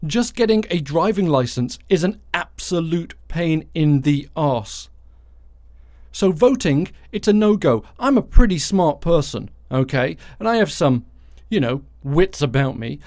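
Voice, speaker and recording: A fairly high-voiced man hosts a solo podcast, delivering blunt, sarcastic commentary and swearing freely. His voice comes through close and dry, with almost no room sound around it. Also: darkish tone, no echo. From outside the United States. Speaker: podcast host.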